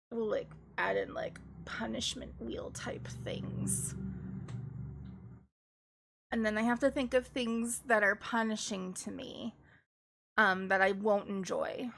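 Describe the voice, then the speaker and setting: Slow, giggly woman streamer. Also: medium pitch, gravelly, a bit bright, a little hiss or hum. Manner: chatty, giggly, slow and drawn out. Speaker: VTuber streamer. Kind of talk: casual live-stream chat.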